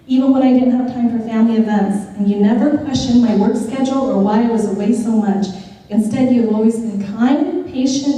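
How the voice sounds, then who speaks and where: A middle-aged woman with a fairly high, mellow voice delivers a grateful speech at a ceremony. She sounds heartfelt, with touches of humor in her stories. The sound is roomy and distant, with a long echo from a big hall. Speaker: newly appointed judge giving a thank-you speech. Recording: echoey hall, picked up from afar.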